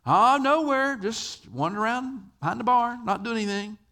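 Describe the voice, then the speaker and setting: Guy doing a sneaky servant brushing it off, all casual and evasive, high bright lively voice. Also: normal speed, full character voice. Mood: falsely innocent. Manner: breezy, evasive and falsely casual. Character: shifty male servant playing innocent.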